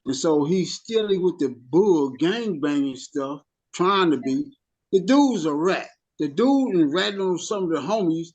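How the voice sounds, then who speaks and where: A man's voice: a little high, animated, unhurried, a little mellow. Stammering, heated middle-aged man. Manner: heated storytelling with stammered restarts. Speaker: formerly incarcerated group member. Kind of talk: support group sharing.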